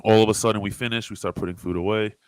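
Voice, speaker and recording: A man co-hosting a casual podcast, telling animated stories and swearing freely. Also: lowish voice, very fast, smooth. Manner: animated storyteller, swears freely, acts out arguments loudly. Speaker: podcast co-host. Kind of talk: casual chat.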